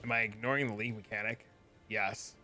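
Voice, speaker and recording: A man streaming a game, chatting casually with viewers, profane and animated when telling a story. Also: fairly low pitch, brisk, faint music behind. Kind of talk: casual chat.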